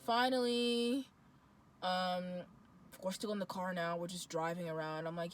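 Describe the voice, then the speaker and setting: A woman, telling a dating story to camera in a lively, slangy, dramatic way. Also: lowish voice, moderate pace, slight background noise, low-quality recording. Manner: animated, slangy, dramatic retelling. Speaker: vlogger. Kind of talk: storytime monologue.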